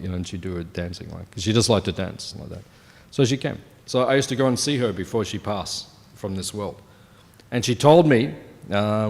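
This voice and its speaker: A man in his fifties with a lowish, slightly mellow voice speaks at a temple scripture class. He's conversational and poses questions to the audience, and the recording has long hall reverb.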